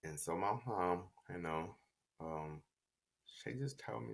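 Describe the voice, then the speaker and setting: A man with a very low, gravelly voice tells his own story slowly and unhurriedly. He stutters, repeating and restarting words, in a reflective, confessional podcast tone. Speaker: podcast host telling his life story. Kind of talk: personal storytelling.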